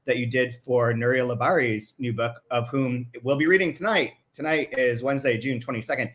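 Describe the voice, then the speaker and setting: A man's voice: medium pitch, fairly quick, a bit bright. A man hosting a podcast, talking loosely about books with many fillers and restarts. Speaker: podcast host. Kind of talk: casual book discussion.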